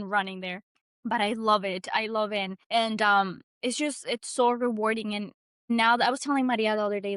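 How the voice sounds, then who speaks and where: Her voice is on the high side, captured dry at studio quality. She's a young Mexican guest recounting her story earnestly and casually, animated and constantly restarting and saying "like."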